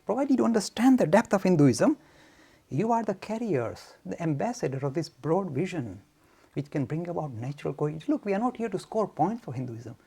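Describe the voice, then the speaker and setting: A man from India gives a frank, forceful lecture on Hinduism to students. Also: fairly high pitch, creaky, slightly rough. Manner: forceful, frank, animated, mock-arrogant.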